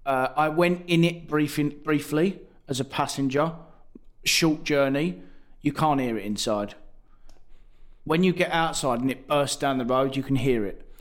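Guy on a car podcast, kinda high voice, chatty and excited, laughs a lot. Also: a little slow. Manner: enthusiastic, laughs often. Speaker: podcast co-host. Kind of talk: casual car chat.

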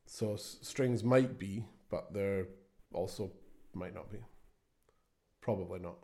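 A man's voice: sits low, takes it slowly, gravelly, warm tone. Dry, matter-of-fact man. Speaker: podcast co-host, teacher. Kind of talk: casual chat.

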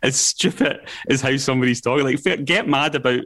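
A middle-aged Scottish filmmaker chatting as a podcast guest, animated and emphatic, his pitch jumping up as he gets going. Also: brisk, dry recording, studio quality. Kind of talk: casual podcast chat.

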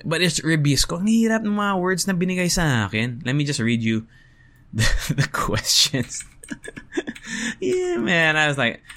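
A man who hosts events talks casually to camera in a bright, ringing voice, mixing English and Tagalog. His pitch jumps around a lot as he swears and jokes. Tagalog is not his first language, and he did not grow up in the Philippines. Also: a little slow. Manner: mixes English and Tagalog, swears freely, animated. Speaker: event host.

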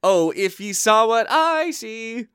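A man's voice: high-pitched, very animated, moderate pace, sharp tone, no room sound, clean studio sound, pitched above the performer's own voice, heavily acted. A man voicing a clever, defiant young girl from a fairy tale, in a sing-song, gleefully vengeful way. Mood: teasing. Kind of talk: comic storybook read-aloud.

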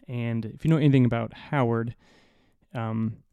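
Mellow, smooth-voiced man telling a story. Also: medium pitch, steady tone, measured pace, dry recording, lo-fi sound. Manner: rambling, profane, self-deprecating, with many restarts. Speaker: podcast host. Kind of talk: casual storytelling monologue. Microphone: studio mic through an audio interface.

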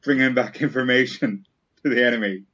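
A man's voice: medium pitch, fairly quick, pushed and bright. A young Irish man in casual chat who tells stories in a dry, wry way. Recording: dull lo-fi recording.

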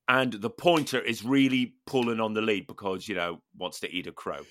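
A man hosting a podcast, telling a funny story in casual chat with animated, laughing delivery. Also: fairly low pitch, normal speed. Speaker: podcast host.

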